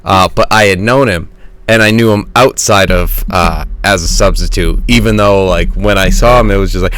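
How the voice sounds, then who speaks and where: A man's voice: low voice, moderate pace, fairly bright tone, no room sound. A man in his thirties telling a rambling story to friends, laughing as he goes. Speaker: player in a tabletop game podcast. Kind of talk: casual storytelling among friends.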